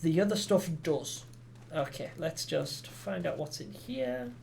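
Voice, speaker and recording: Let's play commentary, gamer from Romania, chatty, filler-heavy, excited yelps. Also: medium pitch, a little slow, vocal fry. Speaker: gaming commentator.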